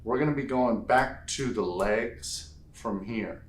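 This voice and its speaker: Slow, patient male workout coach. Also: medium pitch. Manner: counts reps aloud, playful asides. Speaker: fitness instructor. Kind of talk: guided workout instruction. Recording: echoey room.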